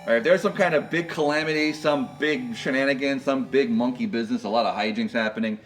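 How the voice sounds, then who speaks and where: A man's voice: medium pitch, fast talker, recorded from a distance, faint music behind. A young man co-hosting a charity livestream, chatting casually in a rambling, jokey way full of fillers. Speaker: charity stream co-host.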